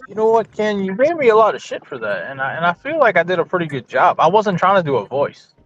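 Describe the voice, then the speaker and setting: A man hosting a casual live stream chat, animated and swearing freely. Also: high-pitched, fast talker. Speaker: live stream host, delivery driver. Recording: lo-fi with some noise.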